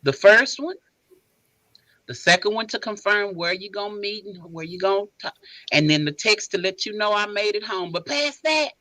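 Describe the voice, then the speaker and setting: A woman guest on a podcast, giving emphatic, animated advice in casual chat. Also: mid-range voice, moderate pace, dry recording, low-quality recording.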